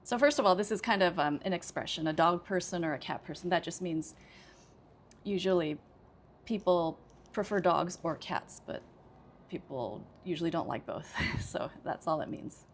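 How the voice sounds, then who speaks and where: A woman's voice: on the low side, lively intonation, moderate pace, a little hiss or hum. An American woman teaching English pronunciation, explaining sentence stress step by step and repeating example sentences with careful emphasis.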